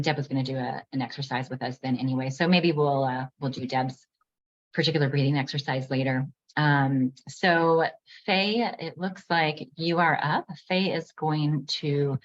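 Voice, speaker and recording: A woman's voice: sits low, lo-fi sound. A woman hosting an online group session, thanking speakers with frequent ums and light laughs. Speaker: host. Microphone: video call.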